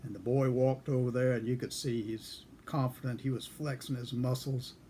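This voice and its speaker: A man in his seventies casually telling a story from his service days, unhurried and chuckling now and then. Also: mid-range voice, steady tone, warm tone, a little hiss or hum. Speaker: storyteller recalling military service.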